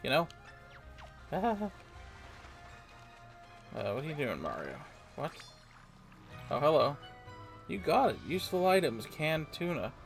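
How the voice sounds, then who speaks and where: Recorded on a desk microphone at a computer, this let's play gamer casually narrates his video game and playfully voices its lines in silly ways. His fairly high, very animated voice is creaky, runs at normal speed with long pauses, and has faint music behind it.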